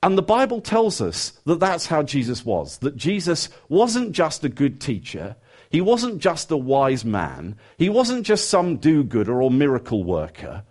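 A man preaching a sermon, moving from emphatic rising questions to quiet, earnest asides and acting out his listeners' thoughts. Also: on the high side, huge pitch swings, measured pace. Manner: conversational, acts out listeners' thoughts.

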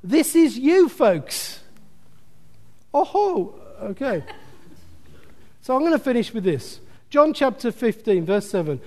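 A man preaching a sermon, lively and emphatic, joking with asides to the congregation. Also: very high voice, slow pace, pauses often. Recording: long hall reverb.

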